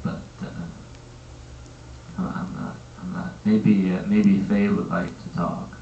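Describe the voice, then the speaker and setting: A young man talks casually to camera in a hesitant way, stumbling over repeated words. His voice sits fairly low. The room is echoey, and a clear hiss runs under the recording. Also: little pitch movement, slow pace, dark tone, dull audio. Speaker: host. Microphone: camera mic.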